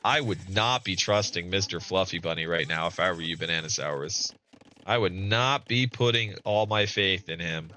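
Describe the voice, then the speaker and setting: Male streamer, bright tone, amused casual commentary with frequent chuckles. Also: deep voice, normal speed. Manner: amused, chuckles often, reads out chat.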